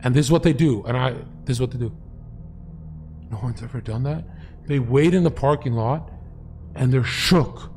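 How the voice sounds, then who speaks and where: A man's voice: medium pitch, fairly quick, pauses often, mellow, soft background music. Blunt, crude-talking man. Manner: blunt, crude, boastful storytelling. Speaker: livestream guest. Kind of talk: casual livestream chat.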